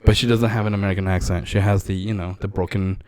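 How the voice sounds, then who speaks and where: Young male co-host, somewhat low voice, dry booth sound, loose filler-heavy chatter. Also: steady tone, fast, a little mellow, no echo. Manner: loose rambling storytelling with many fillers. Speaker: podcast co-host. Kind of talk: casual chat.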